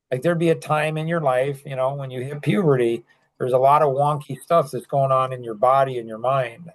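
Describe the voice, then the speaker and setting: A man's voice: medium pitch, steady tone, normal speed. An older man hosts a loose, casual podcast conversation. He rambles, leans heavily on fillers, and often breaks off and restarts his sentences. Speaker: podcast host.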